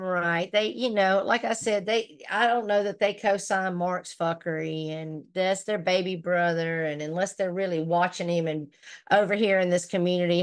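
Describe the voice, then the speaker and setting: A woman hosting a casual livestream, reading viewer comments aloud and reacting bluntly with plenty of swearing. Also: fairly low pitch. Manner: blunt and profane, laughs often. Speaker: livestream host.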